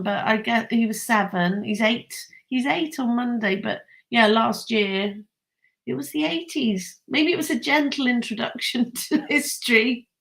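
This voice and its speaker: A woman's voice: fairly high pitch, a bit bright. Chatty woman, gushing. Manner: chatty, enthusiastic, laughs often. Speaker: host. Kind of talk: casual chat with live viewers.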